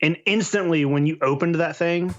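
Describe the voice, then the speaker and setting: A man's voice: fairly high pitch, moderate pace. Man, podcast co-host, casual chat, swears a lot, rambling, muffled lo-fi sound. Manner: swears freely, rambling with restarts.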